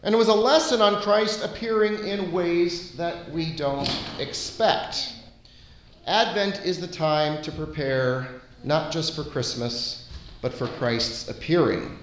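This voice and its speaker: A man preaching a sermon in an earnest, conversational way, pausing often between phrases. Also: fairly high pitch, animated, roomy sound, slight background noise, rough recording.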